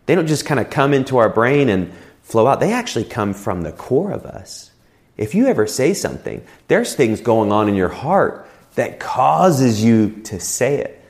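A man's voice: fairly low pitch, a little mellow. A man preaching a sermon as a pastor, conversational and telling personal stories. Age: adult with children.

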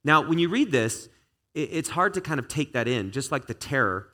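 A man preaching a conversational sermon to a live congregation, relaxed and chatty with frequent restarts. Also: on the high side, moderate pace. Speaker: pastor. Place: church service before a live congregation.

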